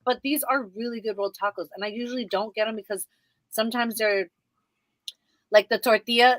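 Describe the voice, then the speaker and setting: A woman's voice: a little high, fairly even intonation, brisk, a bit bright, dry recording. A woman co-hosting a casual livestream, chatty and playful. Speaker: radio co-host.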